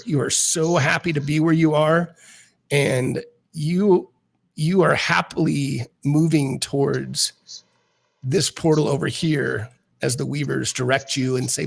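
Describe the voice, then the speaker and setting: A man narrating as dungeon master of a tabletop game in a rambling, halting way. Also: a little high, gravelly, rough recording.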